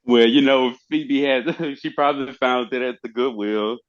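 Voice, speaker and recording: A man's voice: mid-range voice, moderate pace, muffled recording. A man co-hosting a podcast in casual chat, laid-back and joking, chuckling along with the others. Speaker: podcast co-host. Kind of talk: casual chat about a TV episode.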